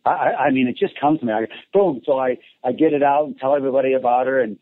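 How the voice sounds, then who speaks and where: A man's voice: medium pitch, fast, no echo. A man, a race announcer, telling stories in a casual interview, acting out voices and laughing often. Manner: animated storyteller, acts out voices, laughs often. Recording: tinny phone line.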